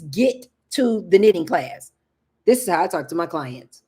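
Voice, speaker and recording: A woman's voice: lowish voice, very animated, unhurried, dark tone, husky. A woman talking casually to camera in a vlog, chatty and emphatic, often turning to address her viewers directly. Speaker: lifestyle vlogger.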